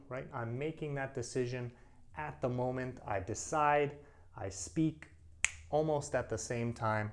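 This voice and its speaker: A middle-aged man teaching an English grammar lesson to camera, acting out little example sentences in an animated way. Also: medium pitch, unhurried.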